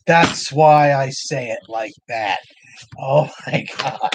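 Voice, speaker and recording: A man's voice: mid-range voice, takes it slowly, noisy background. A man streaming, chatting casually and laughing often while he saws and files at a workshop project, rambling and joking at his own expense.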